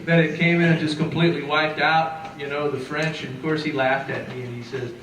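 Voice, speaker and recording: A middle-aged man from southeastern Illinois telling a story to a live audience, acting out the quotes in a lively, folksy way. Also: on the high side, a little fast, slight background noise. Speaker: musician and folklorist. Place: lecture hall. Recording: echoey hall recorded from far off.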